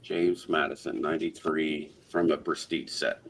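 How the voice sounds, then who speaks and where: Deep-voiced man calling auction bids. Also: flat delivery, a little hiss or hum. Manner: brisk bid-calling auctioneer patter. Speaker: auctioneer host. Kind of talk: live coin auction stream.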